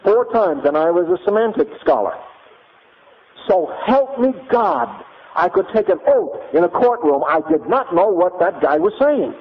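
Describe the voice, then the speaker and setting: A man with a fairly high voice tells a story in a lively, emphatic way. His pitch swings widely as he drives his points home. The audio is thin and tinny, like a phone line. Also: normal speed. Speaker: speaker telling a personal story. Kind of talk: animated personal storytelling.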